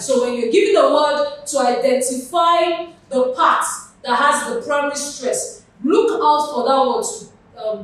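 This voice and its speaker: A woman's voice: high-pitched, fairly bright tone. A woman with a Nigerian accent teaching English for an exam, explaining patiently with examples. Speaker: English tutor. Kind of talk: exam prep lesson. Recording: very echoey room, mic far off.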